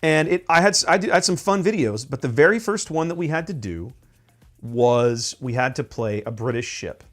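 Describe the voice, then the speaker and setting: A man's voice: mid-range voice, lively intonation, normal speed, a bit bright, faint music behind. A man chatting casually on a stream as he paints miniatures, rambling with many fillers and restarts.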